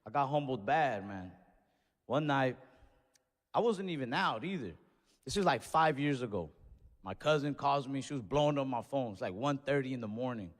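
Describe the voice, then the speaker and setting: A man doing stand-up comedy, telling a story in an animated way and acting out what people said. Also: medium pitch, moderate pace, in a large hall. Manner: animated storytelling with acted-out quotes.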